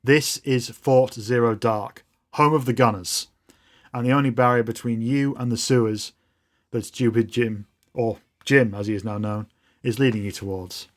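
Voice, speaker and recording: A man's voice: mid-range voice, steady tone, moderate pace. A man narrating a tabletop role-playing game as game master, describing scenes in a loose, storytelling way.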